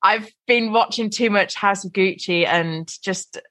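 A woman co-hosting a podcast, talking in a relaxed, conversational way. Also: medium pitch, a little slow, no room sound. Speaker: podcast co-host. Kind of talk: casual chat.

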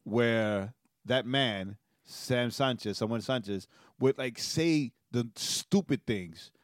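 Heated, animated male podcast co-host. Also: medium pitch, takes it slowly, dry recording, clean studio sound. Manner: animated, heated, repeats "right?". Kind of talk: casual chat.

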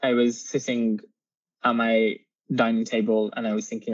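Young man, author guest; earnest, halting delivery full of ums; muffled, dry remote recording. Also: medium pitch, level tone, dry recording. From Britain. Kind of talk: candid interview conversation.

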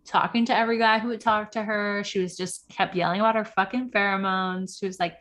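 A young woman co-hosts a podcast, chatting and gossiping about a reality show and using "like" constantly. She talks fast in a mid-range, slightly bright voice with fairly even intonation.

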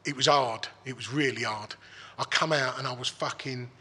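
A middle-aged man talks as a guest in a loose, rambling way, with frequent restarts and casual swearing. His voice is husky but bright and forceful, pitched a little high. The room around him has a long, echoing reverb. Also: moderate pace. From East London. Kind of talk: casual interview chat, frank and sweary.

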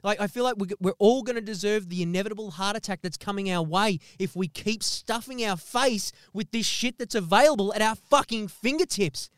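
A man with a high, smooth voice rants in a heated, profane, comedic way. He keeps checking in with his listeners and pushes each point hard. The sound is close and dry. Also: a little fast, hardly any pauses, fairly bright tone, no echo. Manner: heated, sweary, repeats "do you know what I mean". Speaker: podcast host.

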